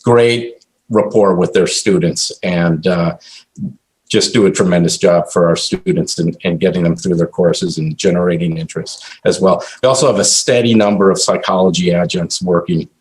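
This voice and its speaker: A man presenting slides at a college board meeting, halting speech with many fillers and restarts. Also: low-pitched, fairly even intonation, rough recording.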